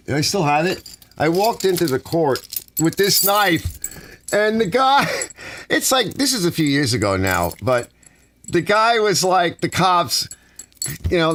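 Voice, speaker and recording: A man's voice: mid-range voice, a bit bright. A middle-aged man telling meandering personal stories and acting out the dialogue of the people in them. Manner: meandering, acts out dialogue, frequent restarts. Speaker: channel host. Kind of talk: rambling personal storytelling.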